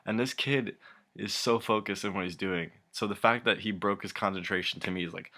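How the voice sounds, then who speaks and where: A man's voice: lowish voice, brisk, sharp tone. A young man ranting casually to camera, rambling and exasperated, swearing a lot and often breaking into laughter. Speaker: vlogger.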